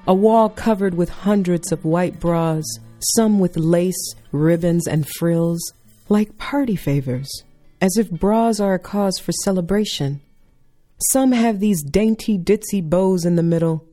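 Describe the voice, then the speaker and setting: A woman performing a wry spoken-word personal story in a deliberate delivery, with faint music behind. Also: lowish voice, mellow.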